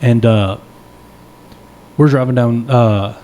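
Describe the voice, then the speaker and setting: Mellow-voiced young man telling a story. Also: medium pitch, slow pace. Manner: animated, profane, rambling anecdote; self-deprecating, laughs often. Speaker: podcast co-host. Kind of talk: casual storytelling chat.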